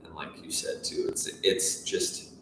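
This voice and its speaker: A golf pro co-hosting a laid-back golf talk show speaks a little slowly in a bright, forceful voice, rambling and frequently starting over. There's a slight hiss or hum, and the mic sits far off in an echoey room at the course.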